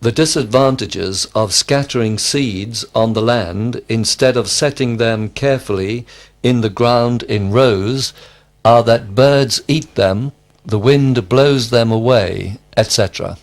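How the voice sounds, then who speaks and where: A man answers in a scripted language drill at a very slow, measured pace. He repeats each question back as a careful full sentence. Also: mid-range voice. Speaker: student in drill.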